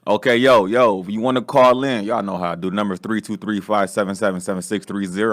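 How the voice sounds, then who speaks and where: A man's voice: lowish voice, fairly even intonation, fast, hardly any pauses, fairly bright tone, no echo. A man co-hosting a comedy podcast, talking in a laid-back, slangy way. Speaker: podcast co-host. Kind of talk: casual comedic chat.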